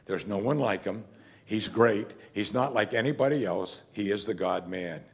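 A man's voice: on the low side, normal speed, vocal fry. A man preaching a sermon as pastor, talking in a conversational, emphatic way and often saying "you see".

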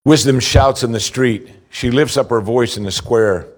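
A man preaching a sermon as pastor, reading scripture slowly and rising in pitch as he presses his points. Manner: preaching, slow scripture reading with lively rises.

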